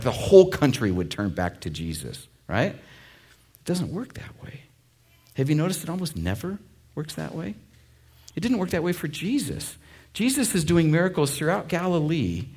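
A man's voice: lowish voice, darkish tone, husky. A man preaching a sermon to a congregation in a conversational way, with asides and jokes. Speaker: pastor.

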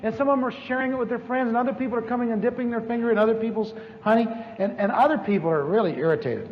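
A man telling a lively personal testimony as a storytelling sermon, with repeated phrases and sudden exclamations. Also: very high-pitched, racing, muffled recording. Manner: animated, repetitive storytelling with sudden shouts. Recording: reverberant hall with faint noise.

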